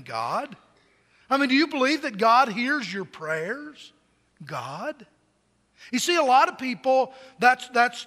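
High-voiced pastor preaching in a hall. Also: male voice, pushed and bright. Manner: storytelling and joking with the congregation, many repeated words. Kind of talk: sermon. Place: large church hall.

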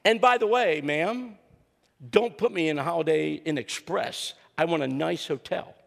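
A man's voice: a little high, moderate pace, vocal fry. An older man preaching a humorous sermon, telling stories and acting out what people said, with a joking, easygoing manner. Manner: joking storyteller, acts out quotes. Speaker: guest preacher and counselor. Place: church sanctuary. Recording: long hall reverb in church.

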